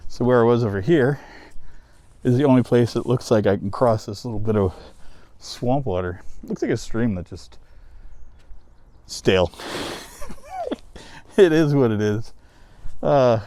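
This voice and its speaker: A man's voice: medium pitch, warm tone. A man from the US East Coast vlogging on a forest trail, talking casually, laughing and swearing, out of breath from climbing, recorded on a handheld camera outdoors. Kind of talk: casual vlog narration while hiking. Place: wooded ravine trail outdoors.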